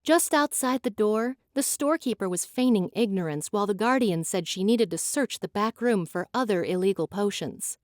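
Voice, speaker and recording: A woman giving an expressive, dramatic scripted narration of a fantasy audiobook. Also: mid-range voice, moderate pace, hardly any pauses, dry recording, clean studio sound.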